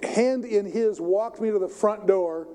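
Speaking a little slowly in a high-pitched voice, the middle-aged pastor tells sermon stories with energy and acts out their characters in the church sanctuary. Slight background noise sits beneath the hall's long reverb.

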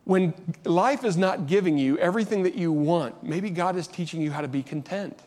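Earnest preaching man, slightly high voice. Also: moderate pace, a little mellow. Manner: earnest, conversational preaching with frequent restarts. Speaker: pastor. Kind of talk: sermon.

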